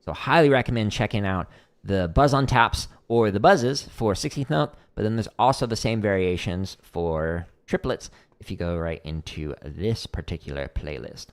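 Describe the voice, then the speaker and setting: A man's voice: fairly low pitch, lively intonation, moderate pace. A man hosting a casual livestream drum lesson, explaining technique as he demonstrates, with frequent "like" fillers.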